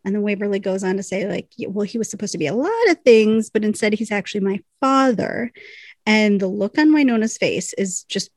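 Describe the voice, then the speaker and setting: Animated woman retelling a show episode. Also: mid-range voice, a little fast, no room sound. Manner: animated storytelling, acts out lines. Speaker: podcast co-host. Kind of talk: casual recap chat.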